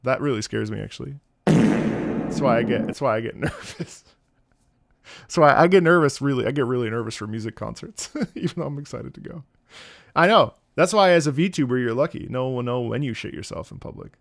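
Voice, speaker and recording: Male streamer, gravelly and lively, casual chat with jokes and cursing, dry close sound. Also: mid-range voice, a little fast, dry recording. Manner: animated, joking storyteller with frequent swearing.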